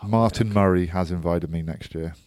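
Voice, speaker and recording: A man's voice: low-pitched, normal speed, a little mellow, no room sound, studio quality. A man co-hosting a podcast, chatting casually and teasing his co-host. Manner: teasing, playful ribbing. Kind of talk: casual banter.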